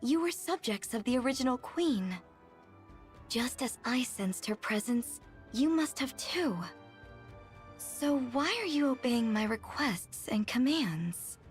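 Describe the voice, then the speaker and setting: A guarded young queen speaks in a measured, unhurried voice. Her tone sits slightly high. Soft music plays underneath this game dialogue. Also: expressive. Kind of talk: video game voice acting.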